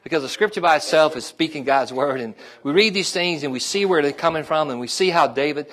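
A man's voice: brisk, a bit bright. Conversational preacher man calling "amen?". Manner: conversational, repeats himself, asks "amen?"; rises in pitch and volume when stirring the congregation. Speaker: pastor. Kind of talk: sermon.

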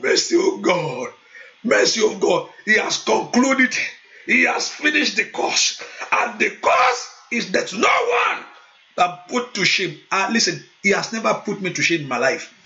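Impassioned pastor, high lively voice. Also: male voice, unhurried. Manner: impassioned, shouting in prayer, speaking in tongues. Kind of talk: sermon with prayer. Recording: dull lo-fi sound.

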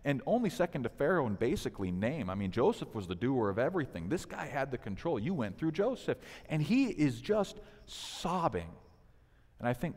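A man in his thirties preaching in a church sanctuary, his pitch rising and falling in a lively way. His voice carries a long hall reverb. He acts out the people in his story as he preaches. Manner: animated preaching, voices the figures in quotes. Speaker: pastor. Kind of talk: sermon.

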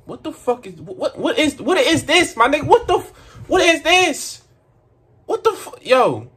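A young man hosting a reaction video, swearing and incredulous, breaking into loud outbursts of disbelief. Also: extremely high pitch, sing-song, normal speed. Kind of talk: profane reaction commentary. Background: music.

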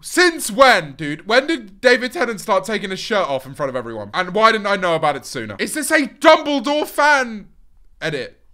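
A British man in his twenties with a fairly high voice and a sharp, bright tone. He streams casual reaction commentary, sweary and sarcastic, sounding exasperated with his chat. He speaks into a desk mic indoors. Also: sing-song, fairly quick. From United Kingdom. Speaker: streamer host.

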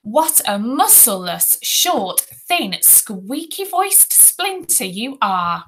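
A boastful schoolboy bully from a storybook, as a woman reads him out, stretching his words slowly and loudly. The tone is bright and sharp, full of mean swagger. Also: fairly high pitch, very animated, exaggerated voice. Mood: taunting. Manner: loud, drawn-out, taunting.

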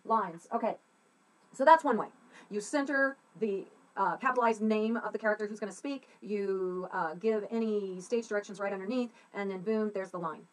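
A woman's voice: medium pitch, rough recording. Middle-aged woman, playwright-teacher type, chatty and informal, talking through a script for a class. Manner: chatty and informal, with playful sound effects. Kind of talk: casual classroom lecture.

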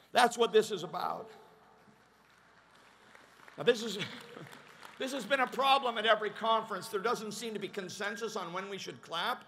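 A male pastor preaching a sermon to a large conference crowd. He repeats words and restarts often, and he swings between shouting and a low, quiet, confiding voice. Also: moderate pace, long pauses, slightly rough.

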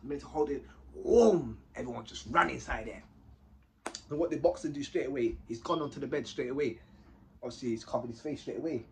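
A young man telling a story to camera in a casual, animated, slang-heavy way, often tagging lines with short questions. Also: medium pitch, fairly quick, slight background noise. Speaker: vlogger telling a prison story.

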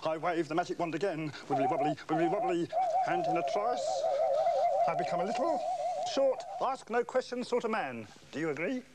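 A man hams it up as a grand, bumbling salesman in a children's comedy. He talks in showy, pompous patter and chants his magic words. His voice sits high and leaps all over the place. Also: lively intonation, normal speed, very noisy. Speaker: comic visiting salesman. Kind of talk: slapstick children's comedy acting.

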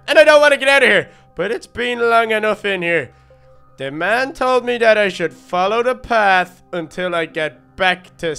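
A man voicing a silly, excitable male baby duck, rambling and talking to himself through a game role-play. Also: sits high, clear, resonant tone, heavily acted. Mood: nervous chatter. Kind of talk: Minecraft role-play narration.

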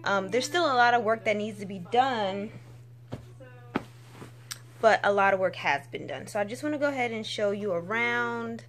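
A woman's voice: mid-range voice, lively intonation, normal speed, pauses often, fairly bright tone. A young woman chatting casually on a phone camera at home, rambling with fillers and restarts. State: six months pregnant. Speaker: vlogger. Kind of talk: casual vlog chat. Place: at home, in a house.

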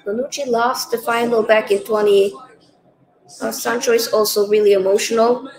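Woman, watch-along host, high register, emotional off-the-cuff talk, roomy echoey recording. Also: fairly even intonation, normal speed, a little mellow. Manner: emotional, thinks aloud, talks straight to viewers. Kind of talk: live match watch-along reaction.

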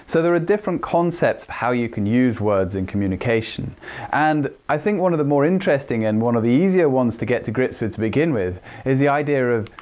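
A man explaining communication skills in a lesson, calm and measured, sometimes showing off changes in pitch and speed. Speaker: communication trainer. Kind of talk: instructional talk.

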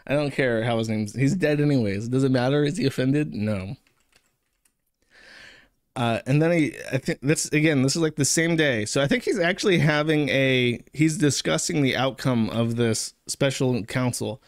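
A man's voice: medium pitch, moderate pace, no echo, clean studio sound. A man giving casual, sarcastic commentary, rambling and crude. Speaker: streamer commentator.

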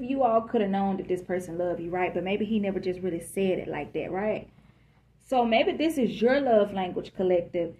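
A woman's voice: medium pitch, dark tone, lo-fi sound. A woman giving a casual collective love reading, chatty and emphatic, who calls her listeners y'all and baby. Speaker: tarot reader.

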